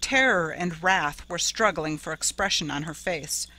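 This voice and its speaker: A woman narrating a ghost story in a dramatic, measured audiobook reading. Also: lowish voice, sharp tone, slight background noise, low-quality recording.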